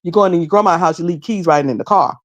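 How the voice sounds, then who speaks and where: A woman's voice: lowish voice, rapid-fire, no echo. A middle-aged woman from North Carolina with a Southern accent, casually chatting to her livestream viewers, repeating phrases and mimicking people as she goes. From High Point, North Carolina. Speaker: livestream host.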